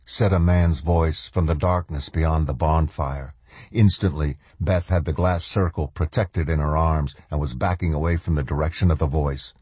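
A man narrating a novel as an audiobook reader in an even, measured way. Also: extremely low pitch, breathy edge, dry recording. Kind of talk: scripted narration.

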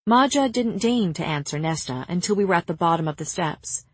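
A woman narrating a first-person novel in an unhurried, expressive storytelling manner. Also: fairly low pitch, slightly rough, no room sound. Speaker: audiobook narrator.

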